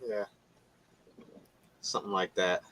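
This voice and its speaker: A man's voice: lowish voice, steady tone, takes it slowly, a bit bright, rough recording. A man, talking loosely in a casual chat. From United States. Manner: laid-back, lots of "like" fillers.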